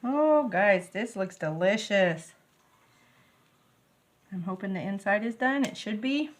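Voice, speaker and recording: A middle-aged woman, gushing with excitement as she demonstrates a recipe in her home kitchen. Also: mid-range voice, slow pace. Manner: bubbly, gushing, easily excited. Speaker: home cooking vlogger. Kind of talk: casual cooking demonstration.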